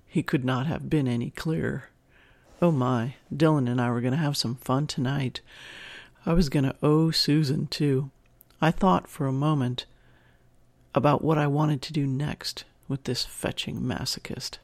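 A man reading a first-person erotic story in even, measured narration. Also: medium pitch, no room sound. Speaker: story reader.

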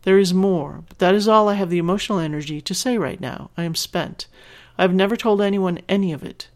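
A woman's voice: fairly low pitch, a little fast. Emotional, earnest woman podcast host. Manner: emotional, earnest, laughing through tears. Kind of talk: podcast reading listener letters.

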